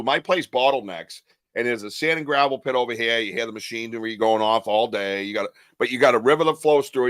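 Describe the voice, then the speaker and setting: A man hosting a casual chat podcast, animated and laughing often as he acts out other people's lines. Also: mid-range voice, no echo, clean studio sound. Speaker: podcast host.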